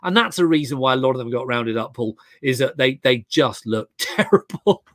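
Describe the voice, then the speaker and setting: A man's voice: mid-range voice, lively intonation, moderate pace, fairly bright tone, no echo, studio quality. An English man talking as a guest historian in a casual chat, rambling with many restarts and fillers. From England. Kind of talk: casual video-call chat.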